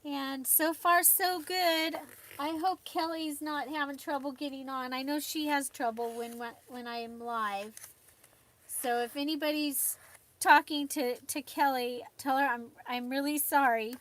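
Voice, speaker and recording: A woman's voice: high-pitched, fairly even intonation, unhurried, fairly bright tone. A woman hosting a casual live stream from her craft desk, chatting with viewers, greeting them by name and laughing often. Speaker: livestream host.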